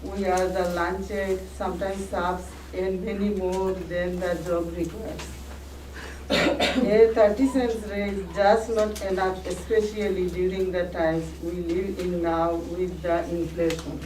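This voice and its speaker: Slow, mellow woman at public comment. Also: on the low side, fairly even intonation, roomy sound, far from the mic, a little hiss or hum, low-quality recording. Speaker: preschool paraprofessional at public comment. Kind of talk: short prepared public comment.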